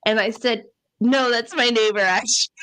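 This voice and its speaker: A woman co-hosting a podcast, telling a story in a casual, animated way with laughs and acted-out quotes. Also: fairly high pitch, moderate pace, clean tone. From Ontario, Canada. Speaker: podcast co-host.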